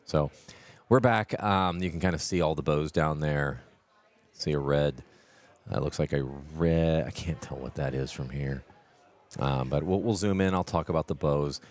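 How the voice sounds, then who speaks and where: A man's voice: extremely low pitch, normal speed. A man hosting live commentary on a tournament, explaining things in a rambling, casual way with lots of fillers.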